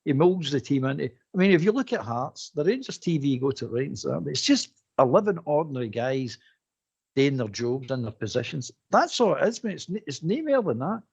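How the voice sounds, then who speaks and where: A man's voice: fairly high pitch, a little fast, vocal fry, slightly rough, lo-fi sound. A man bluntly airing his views on a radio phone-in, repeating his points with heat. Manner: blunt, repetitive, animated. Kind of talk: casual phone-in opinion.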